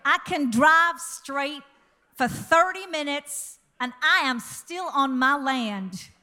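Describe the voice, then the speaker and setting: A woman's voice: high voice, lively intonation, takes it slowly, bright, forceful tone, heavily acted. A woman putting on a brash American rancher. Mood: boastful. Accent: put-on American. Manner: brash, boastful. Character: boastful American male ranch owner.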